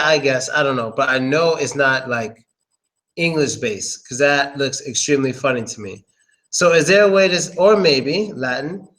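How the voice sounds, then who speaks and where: A man's voice: a little high, fairly bright tone, rough recording. Chatty young man teaching pronunciation. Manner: chatty, loose, repeats words. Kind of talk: casual livestream lesson.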